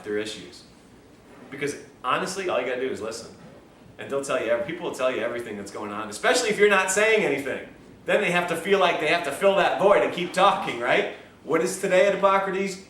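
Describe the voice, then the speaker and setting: A man's voice: on the high side, a bit bright. Man lecturing in an echoey room. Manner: conversational, acts out quoted dialogue. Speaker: health lecturer. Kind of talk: lecture with personal storytelling. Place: lecture room at a health institute. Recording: echoey room from far off, faint hiss.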